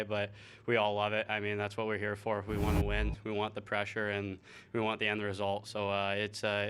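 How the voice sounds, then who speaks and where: A young man, a hockey player, answering interview questions in a halting way with many fillers. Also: on the low side, a bit bright, clean tone. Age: young adult. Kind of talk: post-game interview.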